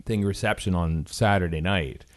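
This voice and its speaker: Canadian man, fairly low voice, animated podcast storyteller, casual and filler-heavy. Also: moderate pace. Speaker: podcast co-host.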